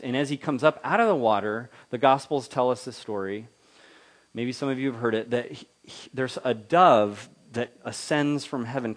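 Give me a male pastor preaching in a relaxed, rambling, conversational way. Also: mid-range voice. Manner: casual, rambling with restarts and soft laughs. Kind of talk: conversational sermon.

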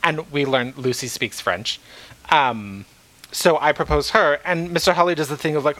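A man hosting a casual book discussion, retelling the plot in an animated way with frequent laughs and some swearing. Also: fairly high pitch, normal speed, poor audio. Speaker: podcast host.

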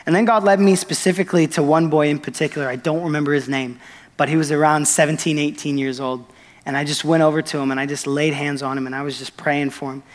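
Man, young, pastor, earnest sermon storytelling, fairly high voice, long church-hall reverb. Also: fast. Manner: earnest, excited, animated retelling with quoted dialogue. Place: church sanctuary.

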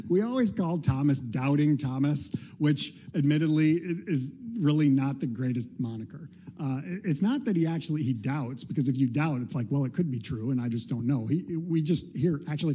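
Male pastor, informal sermon delivery, husky and slightly high voice, playful asides. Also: warm tone. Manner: conversational, playful, acts out quotes.

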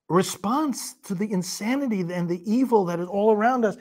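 Male priest host in a TV studio, emphatic and high-pitched. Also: brisk, few pauses, a little mellow. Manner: emphatic, repetitive restarts. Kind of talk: studio commentary and prayer.

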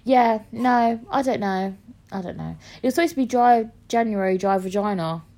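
A woman's voice: a little high, normal speed, warm tone. A young woman hosting a podcast, chatting casually, bluntly and animatedly, with a lot of swearing. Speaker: podcast host. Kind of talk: casual chat.

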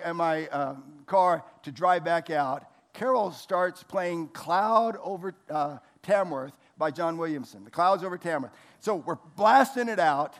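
An American man in his sixties preaches in a church hall, mixing a lively sermon with homespun jokes. His speaking voice sits a little higher than most men's. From United States. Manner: folksy, joking, lively preacher. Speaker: pastor.

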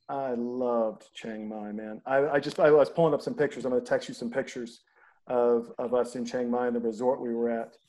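Male, conversational storyteller, mid-pitched, lively anecdote delivery. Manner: animated anecdote teller, acts out quoted people. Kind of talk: casual storytelling chat.

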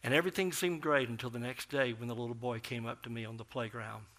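Bright-voiced man preaching a sermon. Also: mid-range voice, steady tone, fast. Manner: storytelling, dynamic swings between loud and soft. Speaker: pastor.

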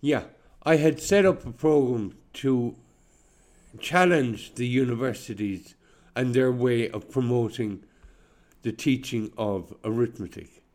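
Man, podcast guest, slight chesty cough, mid-pitched voice, insistent and aggrieved. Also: unhurried, darkish tone. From Ireland. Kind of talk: monologue on a podcast.

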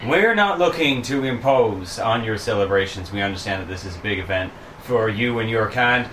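A man voicing a diplomatic male ranger who talks with many pauses and fillers. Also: fairly low pitch, animated, fairly bright tone, slight background noise. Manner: hesitant, filler-heavy. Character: male ranger lawman, smooth diplomatic talker. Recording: echoey room, distant mic.

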